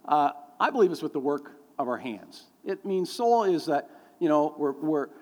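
The middle-aged preacher here has a darkish, sing-song voice on the high side and speaks at normal speed. Filler-heavy folksy anecdotes fill his sermon as he mimics the voices of those he quotes, with a long hall reverb around him.

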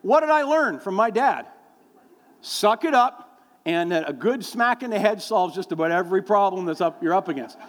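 In a long, echoing hall, a middle-aged pastor preaches with a high voice and lively intonation at normal speed. He tells homespun stories with lots of fillers and performs the voices of the people he quotes.

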